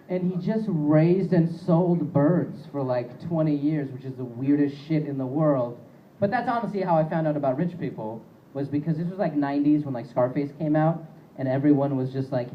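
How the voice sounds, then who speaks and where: A man's voice: on the high side, a little fast, muffled recording, slight background noise. A young man doing stand-up comedy on a club stage, rambling and self-deprecating, with plenty of fillers.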